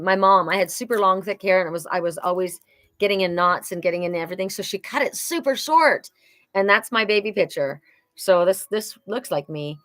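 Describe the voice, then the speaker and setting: A woman giving a casual, emotional oracle card reading on a livestream, talking warmly about fairies and her own message. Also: fairly low pitch, dry recording. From Welsh heritage. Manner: chatty, emotional, spiritual, prone to laughing.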